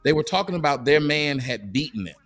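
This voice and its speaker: High-pitched animated preachy man. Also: fairly quick. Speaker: podcast host. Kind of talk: heated casual debate. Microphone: studio mic.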